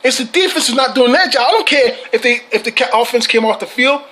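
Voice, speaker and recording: High-voiced man ranting about his team. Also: expressive, quick pace, hardly any pauses, pushed and bright. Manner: profane, heated, repetitive ranting with laughs. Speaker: fan channel host. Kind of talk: ranting fan commentary.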